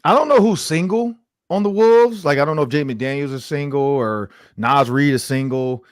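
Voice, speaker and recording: A man hosting a casual sports roundtable, talking in an animated way with many fillers and frequent laughter. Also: on the high side, moderate pace, no echo, clean studio sound. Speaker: podcast host.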